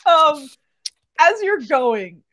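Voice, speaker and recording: A woman's voice: high-pitched, sing-song, very slow, fairly bright tone, no room sound, low-quality recording. A woman narrating as dungeon master in a tabletop game, laughing often as she describes the scene.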